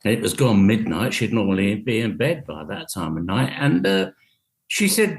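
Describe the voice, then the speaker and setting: A man's voice: lowish voice, very animated, normal speed. An older man from England, a guest on a radio show, telling stories in a dry, wry way over a video call. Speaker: guest musician. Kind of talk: casual radio interview.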